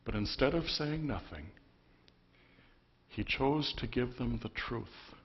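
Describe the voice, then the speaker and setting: A man's voice: medium pitch, expressive, slow, dull audio. A man preaching a sermon as pastor, telling the story conversationally with emphatic bursts. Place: church.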